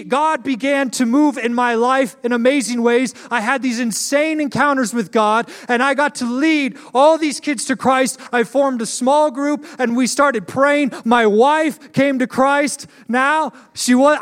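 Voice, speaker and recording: A young man with a high voice preaches in a large hall where his words ring out with a long echo. He tells a personal story in an earnest way. He sometimes laughs at himself as he talks. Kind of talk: sermon with personal testimony.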